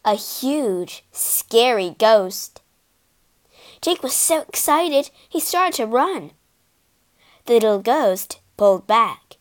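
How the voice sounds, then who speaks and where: Animated high-voiced woman reading a storybook. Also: takes it slowly. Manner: expressive, animated narration.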